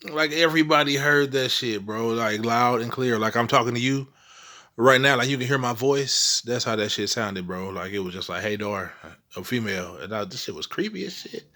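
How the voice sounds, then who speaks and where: A man's voice: mid-range voice, fairly even intonation, moderate pace, pushed and bright. A middle-aged man from St. Louis telling ghost stories in a rambling, profane monologue, often checking in with "you know what I'm saying.". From St. Louis, Missouri. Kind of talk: casual storytelling monologue.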